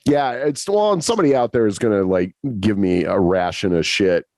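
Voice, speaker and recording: A man co-hosting a podcast conversation, speaking bluntly and haltingly, often restarting his sentences. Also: lowish voice, a little mellow, no room sound. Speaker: podcast co-host.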